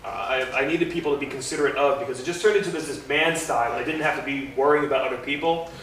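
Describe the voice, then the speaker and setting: A young man doing a stand-up comedy set, rambling and self-deprecating, halting with many fillers. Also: mid-range voice, fairly bright tone. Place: comedy club stage. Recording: echoey club recorded from far off with noise.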